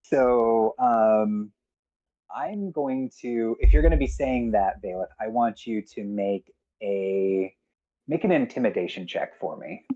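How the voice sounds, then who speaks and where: A man's voice: on the low side, expressive, slow, mellow, dull audio. A man running a tabletop game as game master on a live stream, hesitant with frequent ums. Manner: hesitant, with many ums and restarts.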